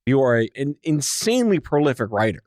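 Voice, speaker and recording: A man hosting an interview podcast, teasing his guest with quick wisecracks in a casual chat. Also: mid-range voice, very animated, darkish tone, dry recording, clean studio sound. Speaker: podcast host.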